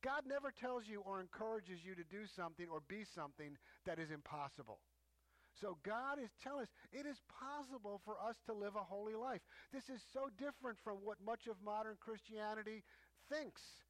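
A man preaching a sermon as a teaching, emphatic, stressing points with rising pitch. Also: normal speed, a bit bright, dry recording.

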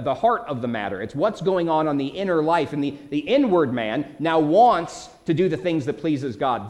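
A man preaching a sermon as pastor, animated, with dramatic quoted outbursts. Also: on the high side.

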